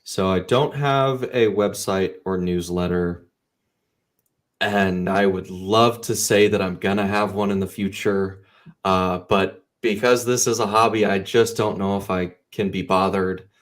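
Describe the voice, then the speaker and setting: A man appearing as a guest author in a casual video-call interview, talkative and animated, with loud laughs. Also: sits low, unhurried.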